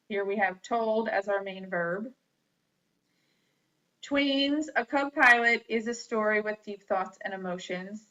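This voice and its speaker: A woman gives a grammar lesson at a very unhurried pace, pausing between each item and spelling words out letter by letter. Her voice has a bright, crisp edge. The recording sounds dull and lo-fi. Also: mid-range voice. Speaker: teacher. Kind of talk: slow classroom lecture on grammar.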